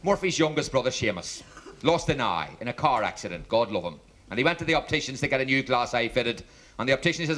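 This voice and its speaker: A man's voice: medium pitch, fast. A man telling jokes on stage as a stand-up comedian, acting out each character in his stories. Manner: punchy storyteller, animated quoting of characters. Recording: 1970s TV stage recording with audience laughter and hiss.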